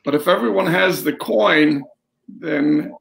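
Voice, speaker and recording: A man guest on a video call, explaining traditions in a measured way. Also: fairly high pitch, vocal fry, a bit bright. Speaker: guest, regiment officer. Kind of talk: storytelling interview. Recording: echoey room, faint noise.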